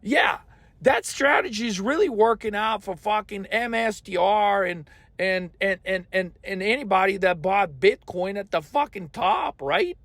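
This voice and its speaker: A man's voice: high voice, animated, measured pace, vocal fry, fairly bright tone, no echo. A man hosting a market commentary podcast, ranting in a profane, scolding and emphatic way.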